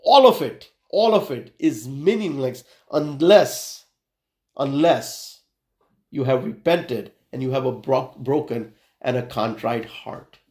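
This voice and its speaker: A man's voice: medium pitch, animated, darkish tone, echoey room. A man preaching a sermon, telling an illustration and leading a prayer, with frequent fillers and restarts. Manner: halting, many fillers and restarts.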